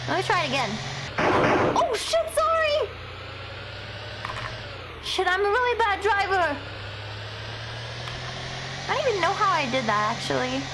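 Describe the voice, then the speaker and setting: A young woman streaming horror games live, talking excitably and profanely and shrieking at the scares. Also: very high-pitched, measured pace, pauses often, background noise. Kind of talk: live gameplay commentary.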